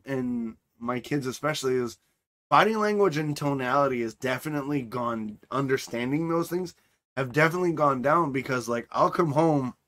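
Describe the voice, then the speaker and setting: A middle-aged man co-hosting a podcast in casual chat, rambling and animated, acting out voices as he tells stories. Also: mid-range voice. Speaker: podcast co-host and streamer.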